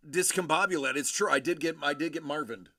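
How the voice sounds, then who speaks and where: A man's voice: a little high, fast talker, pushed and bright, no room sound, clean studio sound. A man hosting a casual live stream, rambling and joking as he reads comments, often stopping and restarting. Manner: rambling, self-interrupting, joking. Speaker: collectibles live-stream host.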